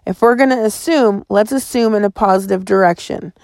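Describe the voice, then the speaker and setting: A woman voicing a steady, protective mother who speaks in a firm, calming, measured way. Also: medium pitch, no echo, clean studio sound, natural voice.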